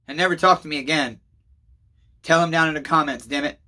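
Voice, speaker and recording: Bright-voiced middle-aged man ranting emotionally. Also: quick pace, long pauses. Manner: swings between shouting outbursts and low weary confession; swears constantly, calls viewers neighbors. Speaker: chainsaw channel host. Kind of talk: emotional rambling vlog monologue.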